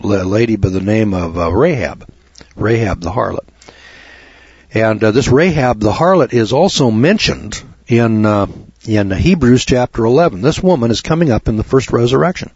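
A man gives an informal sermon in a low, husky voice, blunt and folksy, never sparing rough words. The recording is dry and dull, with a muffled, lo-fi edge. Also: expressive, normal speed, a little mellow, dry recording. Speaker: lay preacher.

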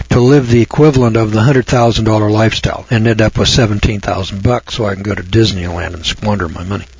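A man lectures a class in a folksy, husky voice, tripping over words at times before pushing hard on a point. The recording is dull and lo-fi. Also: on the low side. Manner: folksy, stammering at times, rising to heated emphasis.

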